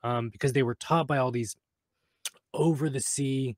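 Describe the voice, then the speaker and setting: A man's voice: mid-range voice, fairly even intonation, normal speed, darkish tone, dry recording, studio quality. A man co-hosting a podcast, chatting casually and agreeing readily. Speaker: podcast co-host. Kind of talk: casual chat.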